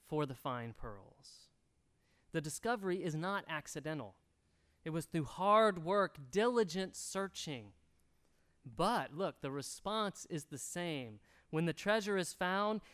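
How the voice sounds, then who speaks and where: A pastor preaching an earnest sermon that swells loud and then drops soft. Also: male voice, a little high, clean tone.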